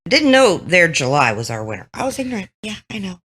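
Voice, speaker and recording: She has a bright, forward voice and talks in a chatty, easygoing way. She laughs often while she tells her stories as a guest on a casual talk show. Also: fairly low pitch, sing-song, quick pace, husky. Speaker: guest, veteran. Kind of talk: casual chat.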